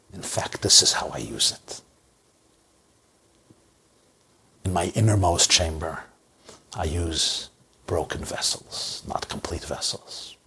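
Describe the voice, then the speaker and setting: A man voicing a loving old king who speaks softly and slowly in a near whisper, as a preacher tells a parable. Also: low voice, gravelly, pitched below the performer's own voice. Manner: hushed, slow, near-whispered.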